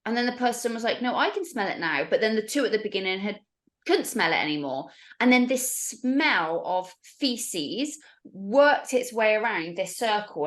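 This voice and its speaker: A woman, a podcast guest, telling a story in casual chat and acting out the voices of other people. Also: on the high side. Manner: animated, acts out the voices of others.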